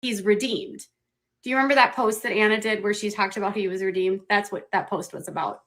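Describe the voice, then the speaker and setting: A woman hosting a live stream, talking earnestly about a serious issue in quick bursts. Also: mid-range voice, a bit bright, rough recording. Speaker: livestream host. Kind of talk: serious commentary on a social issue.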